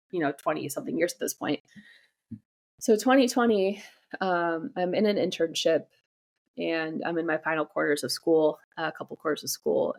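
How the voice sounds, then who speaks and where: Low, gravelly young woman telling her story. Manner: candid, blunt, swears freely; halting, restarts sentences often. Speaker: interview guest. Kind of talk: candid personal storytelling interview.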